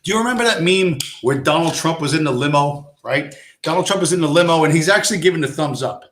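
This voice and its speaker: A man's voice: on the high side, expressive, quick pace, fairly bright tone. Stream host, man, combative and sarcastic, roomy sound. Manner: profane, aggressive, sarcastic. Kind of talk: ranting live-stream commentary.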